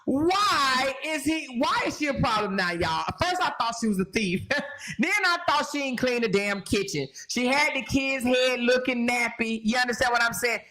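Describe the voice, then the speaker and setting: Sassy lady host reacting to a clip, bright punchy voice, laughs a lot. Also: on the high side, expressive, moderate pace, faint music behind. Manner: sassy, laughing often, talks to her viewers. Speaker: commentary host. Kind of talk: reaction commentary.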